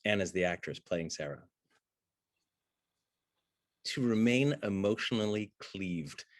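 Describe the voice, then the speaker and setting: A man teaching acting, breaking down a film scene in an animated way and acting out the characters' lines. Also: fairly low pitch, takes it slowly, no echo, clean studio sound. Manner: excitable, acts out the lines of those he talks about.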